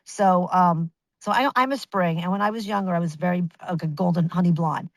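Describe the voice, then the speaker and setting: A woman in her fifties telling her story as a guest in an interview, animated and chatty, restarting sentences and acting out what others said. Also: lowish voice, brisk, no echo, rough recording. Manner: animated, chatty, with many restarts and acted-out quotes.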